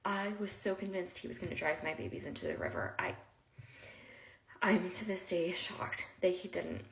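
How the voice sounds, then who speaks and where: Emotional woman with a gravelly voice. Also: on the low side, very animated, moderate pace, fairly bright tone. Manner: emotional, quotes people in raised voices, frequent "like". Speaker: storyteller recounting her own escape. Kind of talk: personal storytelling. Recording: echoey room.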